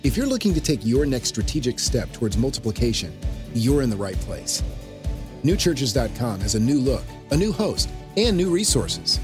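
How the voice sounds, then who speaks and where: A man's voice: mid-range voice, very animated, normal speed. A man reading a scripted podcast intro in an upbeat announcer delivery. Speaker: show announcer. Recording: music bed behind voice.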